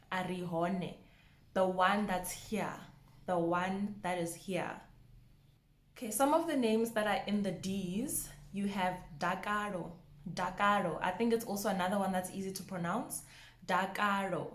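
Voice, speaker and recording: A woman teaching a pronunciation lesson, slowly repeating each word with care. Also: medium pitch, reverberant. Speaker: language teacher.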